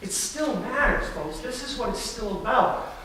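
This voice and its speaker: A male pastor with a high voice delivers a lively storytelling sermon at normal speed, occasionally imitating the people he describes. Captured from afar in a large church sanctuary, the audio is distant, echoey, and layered over faint room noise.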